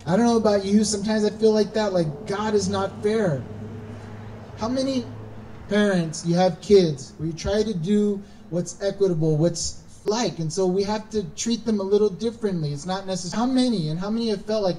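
A male pastor preaches in a relaxed, chatty way, with a warm, mellow voice. He sounds set back from the mic, and a faint noise sits under his words. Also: high voice, normal speed, far from the mic, poor audio. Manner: conversational, acts out the Bible characters' lines. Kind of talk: sermon. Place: church.

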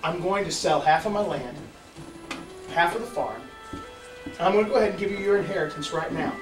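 A gentle old farmer dad, as a man puts him on, quiet and patient, heard from far off in an echoey room. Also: high voice, fairly even intonation, moderate pace, over music, natural voice. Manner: gentle, soft, pleading.

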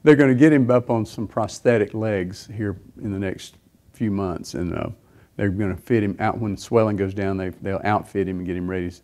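Low, mellow man telling a story. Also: moderate pace, few pauses. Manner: rambling storytelling, frequent fillers and restarts. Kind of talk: sermon testimony.

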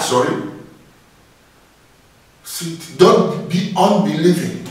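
A man's voice: high-pitched, slow, heavy reverb, distant mic, low-quality recording. A man preaching a sermon, exhorting his listeners and often breaking in with praise. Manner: exhorting, repeats phrases with "Praise God".

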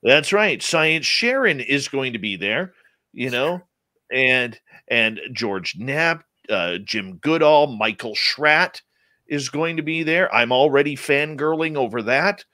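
A man's voice: slow pace, no room sound. A man hosting a radio talk show, upbeat and jokey, with big swings in his delivery. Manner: energetic, jokey announcer delivery with big pitch jumps.

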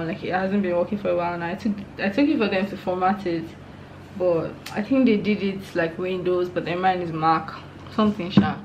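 A woman's voice: on the low side, slight background noise, low-quality recording. A young Nigerian woman in her twenties chatting casually to her viewers in a home vlog, frank and laughing often. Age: 20s. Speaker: vlogger. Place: her room at home, indoors.

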